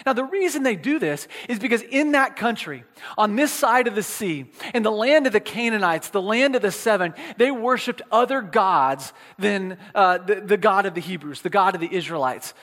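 A man's voice: high voice, lively intonation, moderate pace, fairly bright tone. A man preaching a casual, chatty sermon, often checking in with the listeners and restarting his words, with playful asides. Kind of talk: conversational sermon. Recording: long reverb of a hall.

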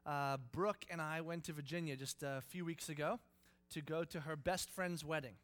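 A man in his thirties preaching, telling a family story with lively acted-out voices and frequent laughs. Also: on the high side, normal speed, faint music behind. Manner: animated, acts out voices, laughs often. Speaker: pastor. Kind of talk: sermon storytelling.

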